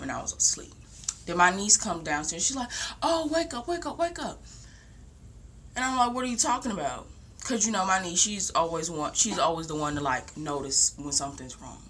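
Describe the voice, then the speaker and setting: Young woman rambling through a story, lowish voice but real bright and sharp. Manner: rambling, animated retelling with lots of "like". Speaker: vlogger. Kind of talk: casual storytelling. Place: home, indoors.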